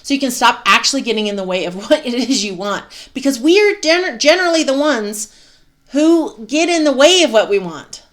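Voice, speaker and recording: A woman's voice: on the high side, a bit bright. Candid, swearing woman self-help host. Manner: candid and profane, with laughs and sighs. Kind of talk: motivational self-help talk.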